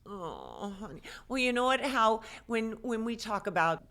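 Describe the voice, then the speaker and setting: A woman's voice: fairly high pitch, big pitch swings, measured pace, fairly bright tone. A middle-aged woman co-hosting a podcast, talking casually in a motherly, reassuring way with folksy sayings. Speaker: podcast co-host. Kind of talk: casual chat.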